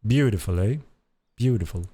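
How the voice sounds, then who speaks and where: A man's voice: lowish voice, lively intonation, moderate pace, dark tone, slightly rough. A man hosting a game developer stream, giving enthusiastic live commentary as he plays and repeating his praise. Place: at a computer playing the game.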